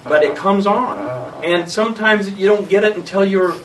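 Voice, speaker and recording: A man's voice: high-pitched, fairly even intonation, normal speed, fairly bright tone, recorded from a distance, slight background noise, poor audio. A man leading a group discussion, prompting and explaining. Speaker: discussion leader.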